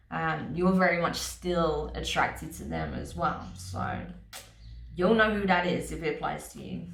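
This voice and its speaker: A woman chats through a tarot reading for her viewers, laughing often and tagging her points with "right?". Her voice sits fairly low with a gravelly edge. The room around her echoes. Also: a bit bright, slight background noise. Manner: chatty, laughing often, many fillers and tags like "right?". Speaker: tarot reader.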